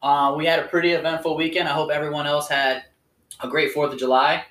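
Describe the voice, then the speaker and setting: A man hosting a comedy podcast, telling stories in an excitable, animated way. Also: fairly high pitch, fairly quick, reverberant. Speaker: podcast host. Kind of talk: casual comedy chat.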